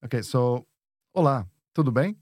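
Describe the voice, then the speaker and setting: A man's voice: medium pitch, animated, darkish tone, dry recording. Patient man teaching pronunciation. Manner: patient, models words slowly and clearly. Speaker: language teacher. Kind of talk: podcast language lesson.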